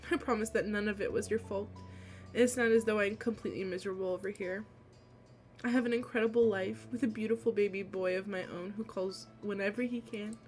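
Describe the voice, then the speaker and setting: A woman voicing a loving mother on a phone call with her grown son, read softly and tenderly. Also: medium pitch, fairly even intonation, fairly quick, faint music behind, close to an everyday voice.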